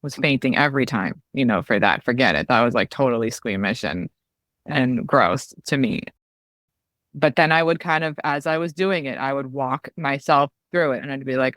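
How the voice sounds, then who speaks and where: A woman's voice: a bass voice, moderate pace, fairly bright tone, no echo. Woman doctor chatting on a podcast, lots of you know and like, really dry close sound. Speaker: guest, emergency physician. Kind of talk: candid interview storytelling.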